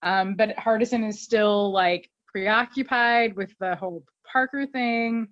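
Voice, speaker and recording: A woman's voice: medium pitch, unhurried, no echo, highs cut off. A woman co-hosting a podcast, chatting casually and animatedly as she recaps a TV episode with laughter. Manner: animated, laughing, acts out quotes. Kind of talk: casual chat.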